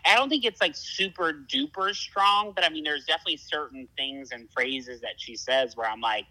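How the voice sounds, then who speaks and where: A man's voice: on the high side, moderate pace, pushed and bright, low-quality recording. A man with a Southern US accent hosting a casual podcast chat, chatty and self-deprecating. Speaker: podcast host.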